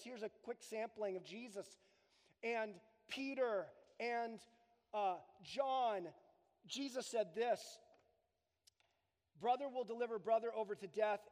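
A man preaching a sermon as pastor in a church, earnest and emphatic, speeding up and slowing down. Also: high-pitched, a little mellow. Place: church sanctuary. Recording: long hall reverb.

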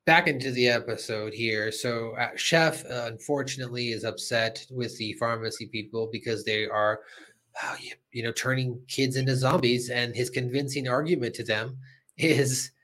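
A man's voice: medium pitch, fairly even intonation, normal speed, a bit bright. A man hosting a podcast, casually recapping an episode, chatty and laughing as he acts out lines. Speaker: podcast host.

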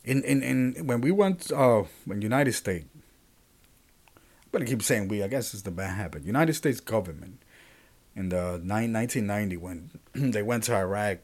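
Rambling, animated male podcast host. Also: lowish voice, moderate pace. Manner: rambling and animated, with frequent restarts and asides to listeners. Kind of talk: casual monologue podcast.

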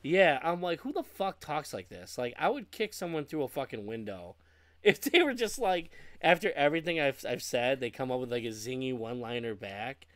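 A man's voice: medium pitch, animated, normal speed, a bit bright, no room sound. Profane ranting man on a podcast. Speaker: podcast co-host. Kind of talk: casual podcast chat.

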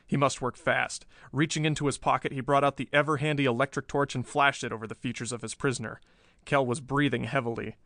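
A man narrates a pulp thriller in a steady, measured voice, lifting it for the tense moments. His pitch sits in the middle range for a man. The recording is dry and close, with no room sound. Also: dry recording. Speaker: audiobook narrator.

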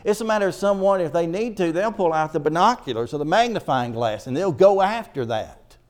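Middle-aged male pastor, slightly high voice, earnest and emphatic sermon delivery. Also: animated. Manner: earnest, emphatic preaching that reads scripture slowly. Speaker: preacher. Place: church.

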